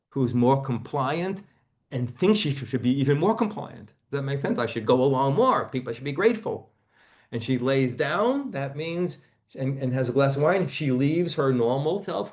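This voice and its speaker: Over a video call, a male seminar teacher softly guides a volunteer through a therapy exercise centered on the body, often dropping to a hush. He has a mid-range voice.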